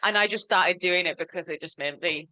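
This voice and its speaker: A woman co-hosts a podcast in easy, casual chat. Her voice is clear and bright with a forceful edge, and she tells stories with lively, chatty energy. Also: on the low side, brisk. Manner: chatty, animated storytelling. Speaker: podcast co-host.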